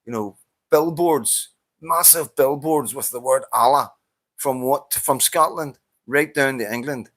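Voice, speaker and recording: A fired-up Northern Irish man talks straight at his viewers. He swears freely and trips over his words in rapid restarts. His voice sits in an ordinary middle pitch, recorded close and dry. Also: fairly bright tone, dry recording. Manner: agitated, swears often, stammering restarts. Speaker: vlogger answering a viewer's comment. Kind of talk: heated casual monologue.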